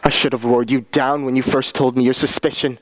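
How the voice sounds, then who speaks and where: A young woman acting the part of a proud, quick-tempered farmer husband in a school stage play, speaking in a commanding, threatening way. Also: a bass voice, level tone, no echo. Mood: defensive. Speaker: student actor.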